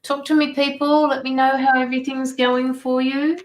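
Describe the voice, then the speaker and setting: A woman's voice: sits high, little pitch movement, moderate pace, low-quality recording. A woman tarot reader and medium, chatting casually on a livestream from her home studio, sympathetic and greeting viewers by name.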